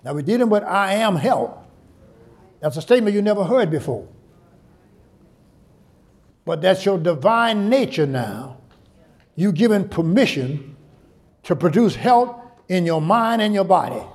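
A man preaching a sermon in church, his voice high and swinging widely in pitch. He repeats his lines for emphasis and climbs into shouted call-and-response with the congregation. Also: big pitch swings, measured pace, long pauses.

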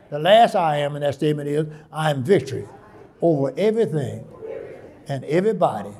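A man preaching a sermon in church, his voice high and swinging widely in pitch. He repeats his lines for emphasis and climbs into shouted call-and-response with the congregation. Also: lively intonation, fairly quick.

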